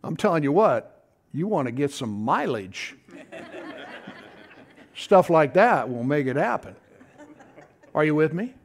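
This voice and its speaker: High-voiced man preaching folksy. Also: slow, long pauses. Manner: folksy, animated preaching with rhetorical asides. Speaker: pastor. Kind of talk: sermon.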